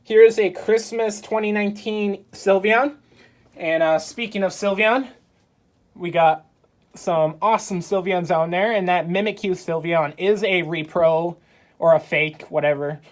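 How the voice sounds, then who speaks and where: A woman's voice: fairly low pitch, measured pace. Chatty young woman filming a room tour. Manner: chatty, many fillers, offhand and upbeat. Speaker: video creator giving a room tour. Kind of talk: casual vlog narration. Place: indoor game room at home. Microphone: handheld phone camera.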